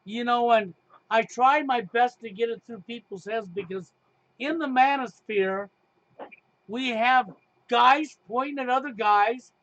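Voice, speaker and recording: A man's voice: very high-pitched, a little slow, fairly bright tone, no echo, dull audio. A middle-aged man hosting a talk show, speaking emphatically and sarcastically with frequent swearing. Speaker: podcast host. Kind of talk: heated casual talk show chat.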